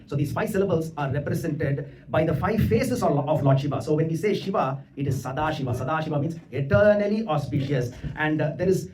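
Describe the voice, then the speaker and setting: A man giving a devotional lecture in a temple hall, explaining scripture and slowly chanting Sanskrit mantras. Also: a little high, animated, darkish tone, recorded from a distance.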